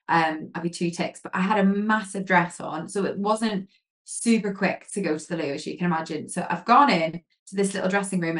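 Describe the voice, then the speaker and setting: Chatty woman telling lively anecdotes. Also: mid-range voice. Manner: lively storyteller, many fillers, acts out quotes. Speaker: guest, pageant queen and photographer. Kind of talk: casual interview chat.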